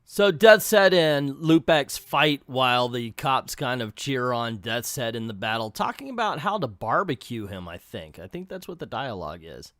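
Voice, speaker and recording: A man's voice: medium pitch, very animated, moderate pace, hardly any pauses, a bit bright, no echo, clean studio sound. A man hosting a comic book video, who recaps the story in an offhand, conversational way with filler words.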